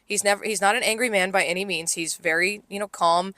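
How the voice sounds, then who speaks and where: A woman's voice: mid-range voice, fairly even intonation, fast talker, sharp tone, no room sound. A young woman co-hosting a podcast, telling a work story in casual chat full of fillers and acted-out quotes. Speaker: podcast co-host, restaurant server.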